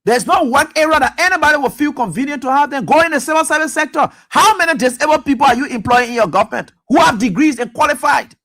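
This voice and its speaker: A man's voice: extremely high pitch, quick pace, few pauses, sharp tone. A man hosting a radio talk show, delivering impassioned, accusatory political commentary with repeated pointed questions. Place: radio studio.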